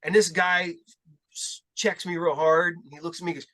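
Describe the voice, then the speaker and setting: A middle-aged man hosting a podcast, telling rambling, animated stories in casual chat and laughing along. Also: high-pitched, normal speed. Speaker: podcast host.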